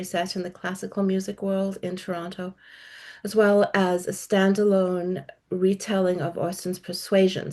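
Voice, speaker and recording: A woman's voice: medium pitch, a little mellow. A middle-aged woman guest author talking about her work in a podcast interview, articulate and enthusiastic. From South Africa.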